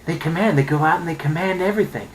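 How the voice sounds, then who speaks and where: A man's voice: a little high, quick pace, slight background noise, pitched above the performer's own voice, close to an everyday voice, rough recording. A man putting on the voice of a smug, scheming male team owner, sneering and self-satisfied.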